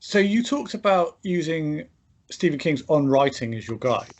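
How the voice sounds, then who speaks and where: Man asking measured interview questions. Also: a little high, very animated. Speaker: podcast host interviewer.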